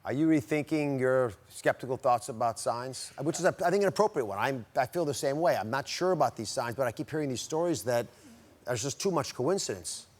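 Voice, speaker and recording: A middle-aged man hosting a TV talk show as a physician, gently questioning his guests in a studio with an audience. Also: mid-range voice, expressive, brisk. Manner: inquisitive, gently prompting guests.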